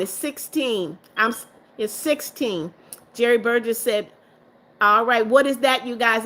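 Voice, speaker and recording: Woman streamer, bright clear voice, casual live chat reading, shuts down trolls. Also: medium pitch. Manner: reads viewer comments aloud, firm with trolls. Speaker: livestream host.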